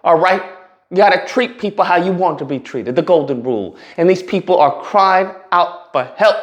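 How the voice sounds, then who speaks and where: A man's voice: sits high, animated, normal speed. A man hosting a commentary vlog, talking emphatically and sarcastically and repeating his points. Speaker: channel host.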